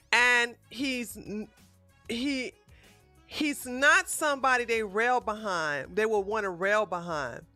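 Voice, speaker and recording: A woman's voice: fairly high pitch, bright, forceful tone, no echo. A woman hosting a live-stream political commentary show, ranting bluntly and with heavy profanity.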